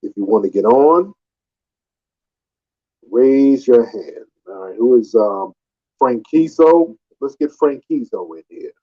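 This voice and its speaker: A man's voice: medium pitch, animated, normal speed, breathy edge, dull audio. Taunting man hosting a live call-in. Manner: mocking, taunting, repeats questions. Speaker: live audio room host. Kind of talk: combative live call-in talk.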